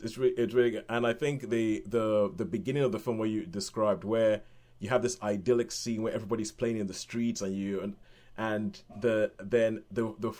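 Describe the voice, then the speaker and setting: A man reviewing a film in casual chat, rambling with many restarts and getting animated when excited. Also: lowish voice. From Nigeria. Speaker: film podcast host.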